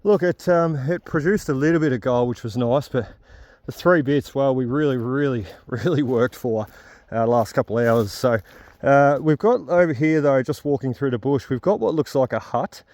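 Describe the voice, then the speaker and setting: A man's voice: medium pitch, normal speed, darkish tone, no room sound, studio quality. A man, hosting his own metal detecting videos outdoors in the bush and chatting straight to his viewers. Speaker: metal detecting channel host. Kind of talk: outdoor narration while detecting.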